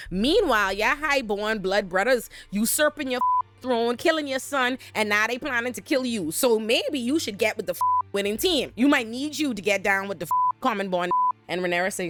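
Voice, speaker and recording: A woman's voice: fairly high pitch, animated, normal speed, fairly bright tone, faint music behind. A woman casually recapping a TV episode, retelling scenes and acting out characters' lines with big jumps in her voice. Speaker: TV recap host.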